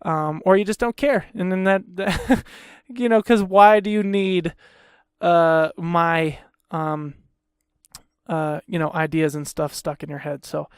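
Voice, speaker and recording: A man's voice: a little high, fairly even intonation, takes it slowly, clear, resonant tone, no echo, clean studio sound. A young man hosting a solo podcast, ranting with lots of swearing, rambling and self-deprecating. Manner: profane, exasperated ranting. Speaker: podcast host.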